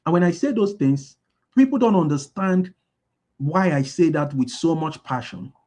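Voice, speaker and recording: A man's voice: fairly high pitch, animated, normal speed, darkish tone. A man giving a motivational business talk, repeating key lines and asking his listeners to fill in the answers. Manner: asks the audience call-and-response questions. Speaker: business speaker.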